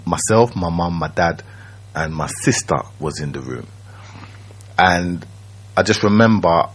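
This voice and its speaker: Man, very deep voice, husky, slow reflective storytelling, radio studio guest. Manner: slow, reflective, keeps checking in with the listener. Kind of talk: personal storytelling.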